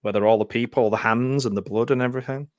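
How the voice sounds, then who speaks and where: A man's voice: mid-range voice, steady tone, quick pace, no room sound, muffled recording. A man hosting a casual live film commentary from home, chatty and often laughing. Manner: chatty, laughs often, loose aside-filled talk. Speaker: host.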